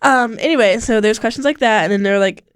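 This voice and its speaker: A woman's voice: a little high, quick pace, smooth, no room sound, clean studio sound. A young woman co-hosting a podcast, chatting casually and filling her talk with "like". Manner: chatty, with many "like" fillers. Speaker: co-host. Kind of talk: casual chat. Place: radio studio.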